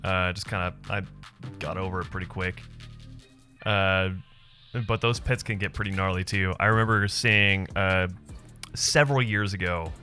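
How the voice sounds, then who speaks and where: Faint music plays behind this thirty-something man's deep, steady voice, which moves at a moderate pace with a sharp edge. On his live stream he chats casually with viewers, spinning loose, profane stories and laughing often.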